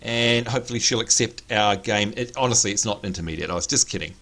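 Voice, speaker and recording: A man hosting a casual gaming livestream, chatty and excitable, greeting viewers by name, his voice a little hoarse. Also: lowish voice, quick pace. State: slightly hoarse. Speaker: livestream host.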